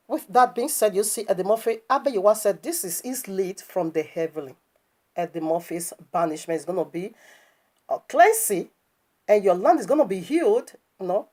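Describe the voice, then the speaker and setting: A woman's voice: mid-range voice, animated, moderate pace, a little mellow. A woman preaching online in an impassioned, scolding commentary that is full of rhetorical questions and stammered restarts.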